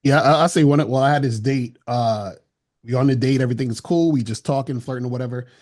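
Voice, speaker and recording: A man, a dating coach, telling an animated story in street slang with plenty of swearing. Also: mid-range voice, fast. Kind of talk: casual storytelling on a panel.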